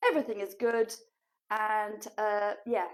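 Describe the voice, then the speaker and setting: A woman's voice: mid-range voice, little pitch movement, measured pace, poor audio. A woman running a shop, chatting and rambling on a live stream as she walks through her shop. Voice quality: chatty, rambling, self-deprecating. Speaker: shop owner. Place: furniture shop, indoors.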